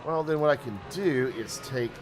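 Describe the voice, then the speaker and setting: A man's voice: medium pitch, normal speed, soft background music. A man hosting a let's play, giving casual gameplay commentary, talking back to the game and swearing when frustrated.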